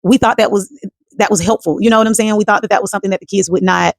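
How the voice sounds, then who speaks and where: A woman in her thirties with a Southern American accent talks fast and chattily, calling her viewers y'all as she reflects on family life. Her voice has a gravelly, creaky texture. The recording is dry and close, with no room sound. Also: mid-range voice, fairly even intonation, dry recording. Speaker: vlogger, homeschool mom. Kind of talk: casual vlog monologue.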